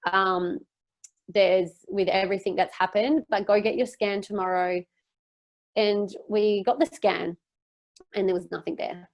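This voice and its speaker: A woman's voice: medium pitch, steady tone, a little slow. A young woman speaking as a guest on a podcast. She tells a very personal story in a candid, emotional way. She rambles and uses many fillers as she talks.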